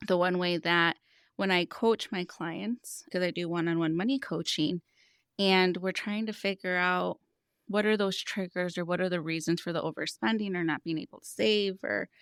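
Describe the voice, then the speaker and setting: Thirties woman coach on a podcast, lowish gravelly voice, earnest storytelling. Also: steady tone, moderate pace, fairly bright tone, dry recording, studio quality. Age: 30s. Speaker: money coach guest. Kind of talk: casual podcast conversation.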